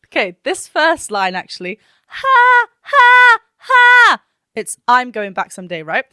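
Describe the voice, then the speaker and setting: Bright-voiced woman vocal coach, chatty. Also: medium pitch, very animated, unhurried, dry recording, clean studio sound. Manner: chatty and analytic, breaks into sung vowel demos and laughs. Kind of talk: reaction and analysis talk.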